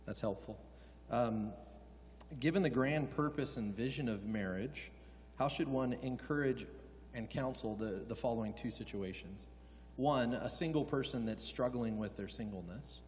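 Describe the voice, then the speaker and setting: A man moderating a conference Q&A, halting and rephrasing as he reads out questions. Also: mid-range voice, a little mellow. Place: church hall. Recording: church hall reverb, faint hum.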